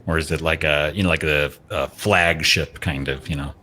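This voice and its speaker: A man's voice: rumbling low, fairly even intonation, moderate pace, bright, forceful tone, a little hiss or hum. A man playing a tabletop game, describing his moves casually with lots of "you know" and "sort of". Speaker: player.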